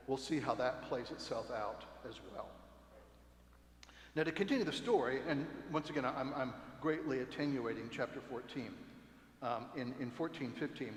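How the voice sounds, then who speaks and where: Man teaching Bible class in echoey hall. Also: medium pitch. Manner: conversational, repeats 'right?' and 'okay?', restarts. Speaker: adult Sunday school teacher. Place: cathedral meeting space. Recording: echoey hall with long reverb.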